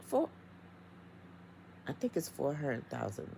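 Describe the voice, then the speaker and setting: A woman's voice: extremely low pitch, very animated, normal speed, mellow, slight background noise, rough recording. A middle-aged woman vlogging from home, talking straight to her viewers in an emphatic, chatty rant. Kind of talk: casual vlog rant.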